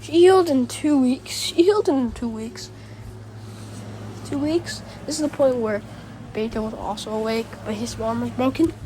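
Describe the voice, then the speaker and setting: A woman's voice: high voice, a little mellow, slight background noise, rough recording. A woman retelling a fan-made story in a rambling way, with many restarts and fillers.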